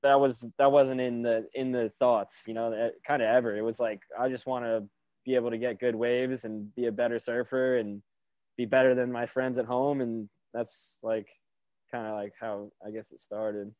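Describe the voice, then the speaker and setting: Laid-back New surfer, slangy. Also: male voice, medium pitch, steady tone, normal speed, no room sound, dull audio. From New York. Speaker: pro surfer guest. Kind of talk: casual remote interview. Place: California. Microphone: video call.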